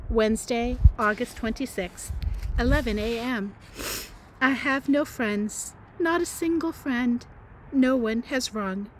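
A teacher reading a novel aloud in a dramatic, playful voice, with chatty asides. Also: female voice, fairly high pitch, slight background noise. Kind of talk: expressive read-aloud narration.

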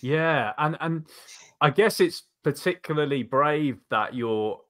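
A man with a southeast English accent hosting a casual interview. His voice is at an ordinary male pitch, and his questions wander, padded with fillers before he gets to the point. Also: expressive, slow pace, fairly bright tone. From southeast England. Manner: rambling questions with many fillers. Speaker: host.

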